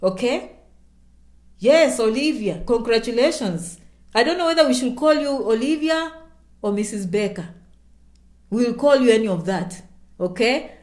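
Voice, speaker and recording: A woman's voice: fairly high pitch, measured pace, long pauses, echoey room. A woman answering her viewers' questions in a casual livestream. She is chatty and emphatic, repeats herself for effect, and speaks of herself by name. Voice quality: animated, emphatic repetition. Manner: chatty, self-promoting, speaks of herself in third person.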